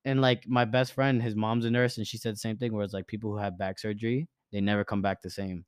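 A young man with a fairly low voice tells a story loosely, dropping slang and curses as he goes. The sound is close and dry, with no room around it. It is a relaxed podcast chat. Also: quick pace, clean tone, dry recording. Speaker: podcast host. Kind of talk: casual chat.

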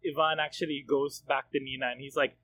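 A man's voice: medium pitch, little pitch movement, fast, bright, forceful tone, slightly rough, no echo. A man, co-hosting a casual book podcast, chatty and laughing often as he acts out characters' lines. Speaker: podcast co-host.

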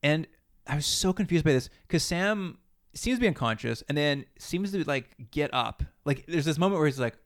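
A man's voice: fairly high pitch, moderate pace. Man mockingly recapping a TV episode. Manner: animated, acts out characters' lines mockingly. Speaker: podcast co-host. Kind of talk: casual chat recapping a TV show.

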